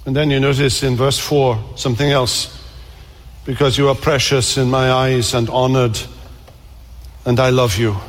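A man's voice: medium pitch, level tone, unhurried, big-room sound. A man preaching a sermon in a church, earnest and building emphasis through repeated phrases.

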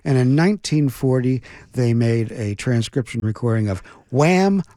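A man's voice: mid-range voice, animated, normal speed, dark tone, no echo, studio quality. A man hosting a radio music show, introducing records in a chatty way with many fillers. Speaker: radio host. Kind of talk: casual radio banter.

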